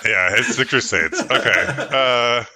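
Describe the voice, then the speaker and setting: A man's voice: mid-range voice, slow, bright, forceful tone, no echo. A man co-hosting a casual movie podcast, rambling and hedging with lots of filler words. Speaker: podcast co-host. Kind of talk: casual chat.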